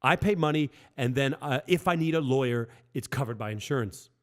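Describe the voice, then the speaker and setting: A young man who co-hosts a podcast and talks at a rapid clip, with words tumbling out fast and a lot of swearing. His pitch sits at an ordinary middle level. The tone is loose and animated. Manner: fast-talking, profane, animated. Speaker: podcast co-host. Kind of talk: casual chat. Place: living in Germany.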